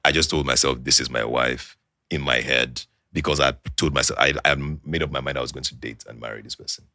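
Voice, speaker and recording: Man, Nigerian English accent, young adult, podcast guest, animated storyteller, very low voice, dry close sound. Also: brisk, no room sound. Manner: animated storyteller who acts out quoted dialogue. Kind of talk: casual storytelling chat.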